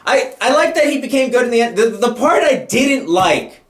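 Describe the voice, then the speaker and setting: A young man hosting a casual chat, joking and swearing in an animated way. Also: extremely high pitch, normal speed, echoey room.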